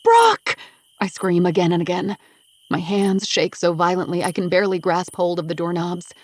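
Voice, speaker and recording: A woman's voice: lowish voice, flat delivery, fairly quick, darkish tone, no echo. A woman narrating a first-person audiobook with an intense, emotional delivery.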